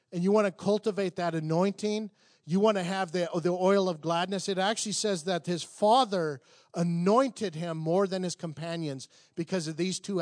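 A man with a high voice delivers a sermon in an easy, conversational way, stumbling and restarting as he tells a story. He builds to emphatic peaks. The sound is close and dry. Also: a little mellow, no room sound. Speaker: preacher.

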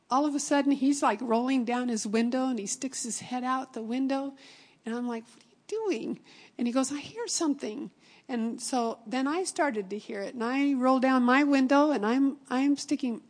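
A woman's voice: a little high, darkish tone. Earnest woman preaching in a reverberant hall. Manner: earnest, drops into whispers for emphasis. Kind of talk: sermon with personal testimony.

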